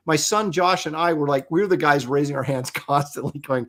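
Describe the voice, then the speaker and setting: A man's voice: a little high, fast, few pauses, fairly bright tone. Chatty middle-aged man, rambling. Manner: rambling storyteller with many fillers and restarts. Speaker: co-host of a crowdfunding livestream. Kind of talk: casual chat. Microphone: video call.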